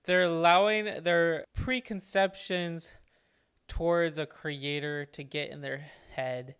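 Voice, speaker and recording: Excitable young man, smooth voice. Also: a little high, slow pace. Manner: excitable, gushing, exclaims loudly. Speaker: channel host reacting to clip. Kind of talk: enthusiastic reaction commentary.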